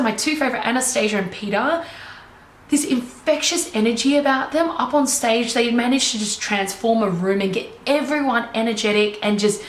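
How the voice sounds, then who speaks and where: A young woman tells her own story with animated enthusiasm, as a life coach would. Her voice sits a little high. The recording has a roomy echo and a faint hum of ambience behind it. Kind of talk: personal storytelling.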